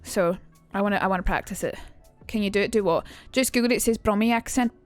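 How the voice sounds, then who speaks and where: A woman's voice: mid-range voice, fast talker, soft background music. A young woman streaming who chats casually, swears freely and answers her chat bluntly.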